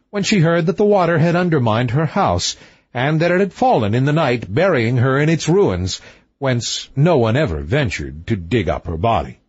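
A man reading a fairy tale aloud as an audiobook, expressive, swinging between high and low. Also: slightly rough, no room sound. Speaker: audiobook reader. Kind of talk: scripted storybook narration. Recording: dull dry lo-fi recording.

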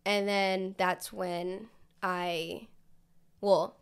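A woman's voice: mid-range voice, very slow, clear, resonant tone. Casual woman podcast co-host. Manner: relaxed storytelling, filler-heavy, quotes herself. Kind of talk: casual chat.

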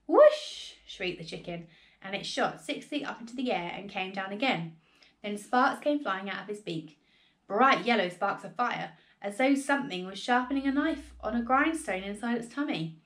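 Teacher lady reading a kids' book out loud, expressive, mid-pitched voice. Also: normal speed. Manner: expressive storytelling. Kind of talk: reading a children's book aloud.

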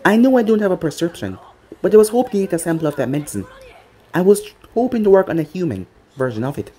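The narrator voicing a young female medical ninja, curious and quick to scold. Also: medium pitch, very animated, warm tone, lightly acted.

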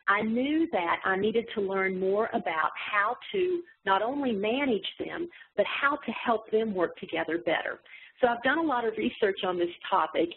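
A woman's voice: mid-range voice, creaky. A woman from West Virginia with a slight Southern accent, presenting a webinar in a chatty, self-deprecating way over a video call. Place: home in a small town. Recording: tinny phone-like line.

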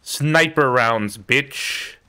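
This man's mid-range voice is clear and resonant, and he draws out his words while commentating casually on a shooter game. Getting killed by enemies, he's frustrated, cursing, yelling at the game, and complaining about his health.

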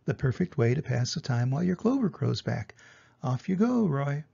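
An older man voicing a sly, chatty male gopher who steals clover, talking in a quick, wheedling, giggly way. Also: mid-range voice, sing-song, gravelly, warm tone, husky, lo-fi sound, heavily acted. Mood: nervous cheery.

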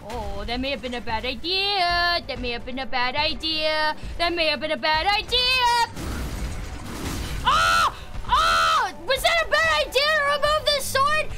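A woman streaming a game, joking brashly, swearing and talking to her chat. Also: very high-pitched. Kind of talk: gameplay stream chatter.

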